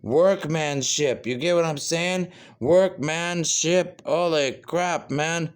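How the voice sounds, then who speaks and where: A man rambles through a loose spoken monologue in a smooth, resonant voice. He keeps tacking "man" onto his phrases and lets out puffs of breath and sighs as he goes. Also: a little high, measured pace.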